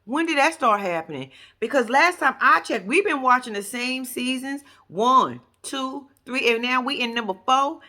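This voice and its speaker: A woman's voice: sits high, animated, normal speed, few pauses, pushed and bright. A woman giving casual reaction commentary on a reality show, blunt, sassy and profane, talking straight to her viewers.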